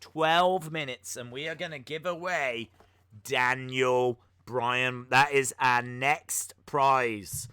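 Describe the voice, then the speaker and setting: A man's voice: medium pitch, fairly even intonation, slow pace, bright, forceful tone, clear, resonant tone, no room sound, studio quality. A man hosting a wrestling podcast live stream, chatting casually and mocking himself, with lots of ums and uhs. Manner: chatty and self-mocking, with many filler words.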